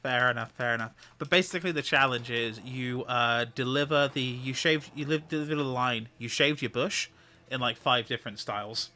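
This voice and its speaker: A man talks loosely over a game session, his voice bright and forward. He rambles through stories and laughs easily, sitting at a middle pitch. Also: a little fast, hardly any pauses. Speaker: co-host. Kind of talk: casual chat while gaming.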